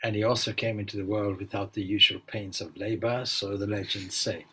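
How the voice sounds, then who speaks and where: A man, a swami, giving an informal spiritual talk and telling stories in a relaxed, musing way with frequent asides. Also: fairly low pitch, a little fast, a little hiss or hum, low-quality recording. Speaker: swami leading a spiritual gathering.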